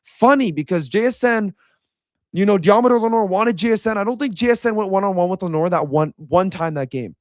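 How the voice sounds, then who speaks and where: A man's voice: high-pitched, lively intonation, a little fast, a little mellow, dry recording, studio quality. A young man giving a casual, frustrated reaction rant as a sports commentator, repeating himself as he vents.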